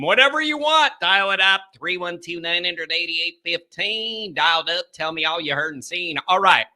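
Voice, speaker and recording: A man hosting a live call-in sports show, energetic and playful, with a raspy voice stuffed up from his sinuses. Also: high-pitched. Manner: energetic and animated, playful rhymes. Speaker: host.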